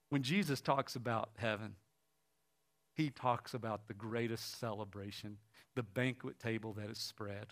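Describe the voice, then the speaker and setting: A man preaching, retelling an anecdote with quoted dialogue and ending with a quiet, soft appeal. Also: lowish voice. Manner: retells a story with lively quoted voices, quiet and soft at the close. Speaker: pastor. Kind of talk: sermon storytelling.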